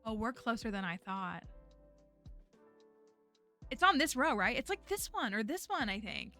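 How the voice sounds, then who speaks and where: Faint music plays behind a woman whose voice is on the high side, very animated and sharp, yet unhurried. She chats loosely during her gameplay stream, wandering off-topic and leaning on "like" and "um."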